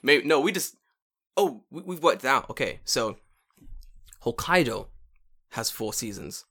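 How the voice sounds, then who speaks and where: A man's voice: mid-range voice, a little slow. A man co-hosting a casual comedy chat, swearing freely and telling stories with lots of laughter. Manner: laughs often, swears, animated storytelling. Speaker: podcast co-host.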